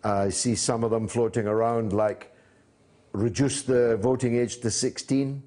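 A man hosting a political interview, asking long, measured questions broken up by frequent "uh" pauses. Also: medium pitch, fairly even intonation, mellow. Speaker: host.

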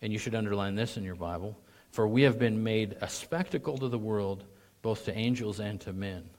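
Animated male preacher, throat clearing. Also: on the low side, normal speed. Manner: animated, voice rising to mock sarcasm, frequent throat clearing. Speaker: pastor. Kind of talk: sermon.

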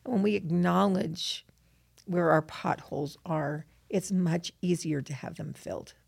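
Woman, co-host, thoughtful, reflective, husky, gravelly. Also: lowish voice, steady tone, unhurried, a little mellow. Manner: thoughtful, searching for words. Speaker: podcast co-host. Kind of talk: reflective scripture discussion.

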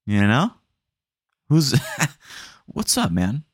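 A man's voice: mid-range voice, huge pitch swings, very slow, slightly rough, no echo, clean studio sound. A young man hosting a casual solo podcast, telling rambling stream-of-consciousness stories and often saying dude. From Texas. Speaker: podcast host.

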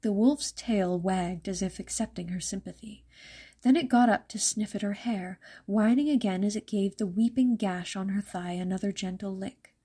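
A woman narrating a dark fairytale in a measured, even storytelling manner. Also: mid-range voice, husky.

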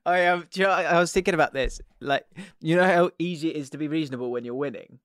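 Animated man, dry close sound. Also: on the high side, fast, smooth, no room sound. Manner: animated, exasperated, laughs often. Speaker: podcast co-host. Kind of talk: casual football chat.

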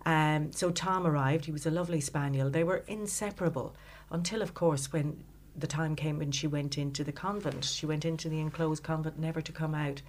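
A woman with a low voice recounts a story as an interview guest. She talks in a heartfelt, halting way, with frequent fillers and restarts. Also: darkish tone, slight background noise. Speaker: author guest. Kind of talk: conversational interview.

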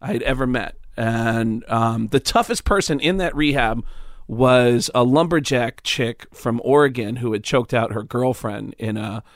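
A man's voice: mid-range voice, a little slow, dry recording, clean studio sound. A man, a comedian guest, telling stories in a casual interview, acting out the voices of the people in them and swearing freely. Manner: animated, acts out quoted voices, swears freely.

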